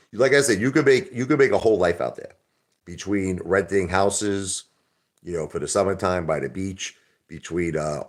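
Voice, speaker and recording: A middle-aged man, hosting a casual livestream and rambling to his viewers in a street-talking way. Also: low-pitched. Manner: rambling, street-talking, calls people brother. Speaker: livestream host.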